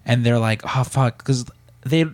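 A man's voice: medium pitch, measured pace, a little mellow, no room sound. A man hosting a casual podcast, telling long rambling stories with lots of fillers and restarts. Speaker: podcast host.

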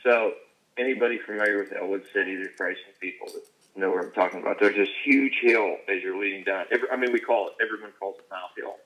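Man, low pitch, bright tone, casual fishing story, halting. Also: fairly even intonation, rough recording. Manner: halting, restarts sentences. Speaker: podcast co-host.

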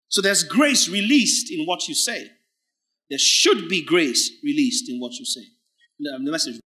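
A man preaching a sermon, stretching out key words for emphasis and swinging between loud, forceful lines and hushed ones. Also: on the high side, lively intonation, normal speed. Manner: acts out imagined church members in quoted asides.

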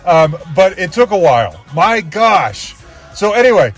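Enthusiastic male podcast host, slightly high, rambling self-deprecating intro, faint music under him. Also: sing-song, unhurried.

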